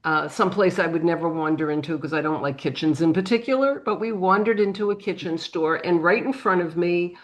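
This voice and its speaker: A middle-aged woman with a New England accent, telling a lively anecdote on a panel and acting out the voices in it. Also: fairly low pitch, fairly quick, few pauses. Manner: animated anecdote with acted-out quotes. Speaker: panel guest. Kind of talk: storytelling on a panel.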